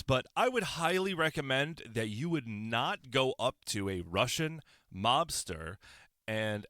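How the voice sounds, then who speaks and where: A man's voice: medium pitch, sharp tone, dry recording, studio quality. A man hosting his own opinion podcast, talking on his own into a microphone, sarcastic and firing off rhetorical questions. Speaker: podcast host. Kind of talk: solo opinion podcast monologue.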